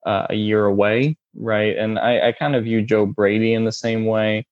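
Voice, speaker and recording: A man co-hosting a casual sports podcast, talking in halting phrases full of fillers and restarts. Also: lowish voice, flat delivery, dry recording. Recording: dull, muffled dry audio.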